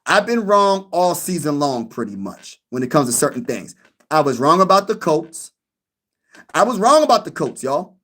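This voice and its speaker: A man with a fairly high voice and wide swings in pitch speaks at a moderate pace with a sharp edge. He hosts his own sports channel and chats casually with viewers, repeating himself and laughing at his own jokes in a relaxed sports vlog.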